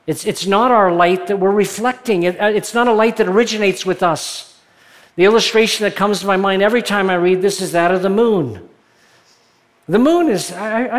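A man with a high, light voice preaches a sermon to his congregation. He talks it through conversationally, reads scripture aloud and now and then lifts with enthusiasm. The tone stays personal and unhurried, like a pastor explaining a passage. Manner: conversational preaching, rising excitedly at points.

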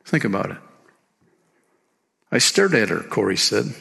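A man preaches a sermon in a church, his voice gravelly and sharp. He talks slowly, moving between casual asides and passages he reads aloud. A long reverb trails behind him from the sanctuary. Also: fairly high pitch. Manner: animated, sings hymn lines and reads book passages aloud. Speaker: pastor.

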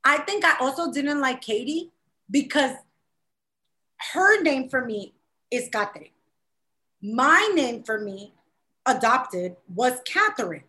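A woman co-hosting a podcast in casual chat, animated and quick to act out what others said. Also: high-pitched, low-quality recording. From Latin American family. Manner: animated, acts out quoted voices. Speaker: podcast co-host.

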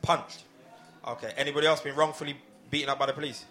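A man hosting a casual panel discussion, telling stories in an animated way and laughing often. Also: a little high, fast talker, soft background music. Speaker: host.

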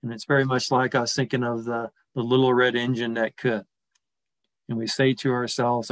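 Soft-spoken reflective male preacher. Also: mid-range voice, flat delivery, no room sound, low-quality recording. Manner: gentle, reflective, slows and softens on key words. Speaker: pastor. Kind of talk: sermon.

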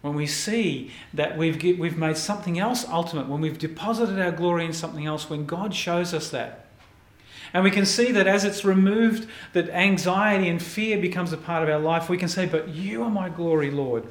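A male pastor preaching a sermon in an earnest way, often repeating words and dropping softly into prayerful lines. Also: sits high, normal speed, echoey room.

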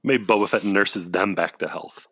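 A man's voice: low voice, moderate pace, a bit bright, husky. A man co-hosting a casual comedy chat with playful, wry asides. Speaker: podcast co-host.

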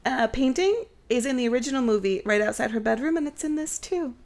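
A woman's voice: on the high side, expressive, quick pace, a little mellow. A woman hosting a podcast, making dry, sarcastic comments about a movie. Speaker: podcast host. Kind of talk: casual podcast chat.

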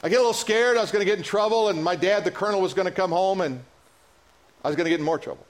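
A pastor preaching a sermon in a church, impassioned and building to emotional peaks, with halting restarts and repeats. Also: male voice, high voice. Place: church sanctuary.

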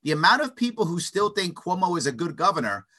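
Animated bright-voiced man tagging "right?". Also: high voice, fast. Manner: animated, stutters restarts, frequent "right?" tags. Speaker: interview guest. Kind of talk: opinionated conversational monologue.

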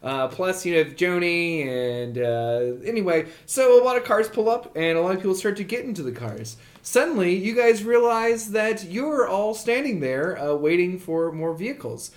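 A man narrating a tabletop game as game master, in a loose, rambling way with many filler pauses. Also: high voice, expressive.

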